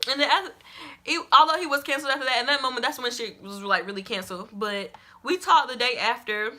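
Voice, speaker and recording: A young woman vlogger telling a story-time tale to her viewers, dramatic and animated, calling out to them as y'all. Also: a little high, quick pace.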